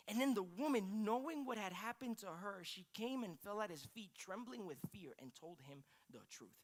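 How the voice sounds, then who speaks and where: A male pastor preaching a sermon in a conversational, questioning style, moving between quiet storytelling and louder emphatic points. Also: high-pitched, expressive, moderate pace.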